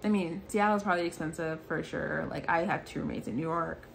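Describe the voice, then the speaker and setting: A young adult woman giving a chatty, animated recap of a reality dating show, peppering her talk with "like". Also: sits low, brisk, creaky, slight background noise. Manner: chatty, animated quoting with frequent "like". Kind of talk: casual recap commentary. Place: apartment in New York.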